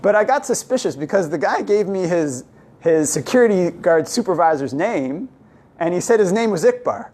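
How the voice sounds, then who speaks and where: A man's voice: sits high, animated, moderate pace, a little mellow. A man, a Buddhist monk from Canada, tells a personal story in a casual Dhamma talk, full of "you know" fillers and acting out both sides of a conversation. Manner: chatty storytelling, many "you know" fillers, acts out dialogue.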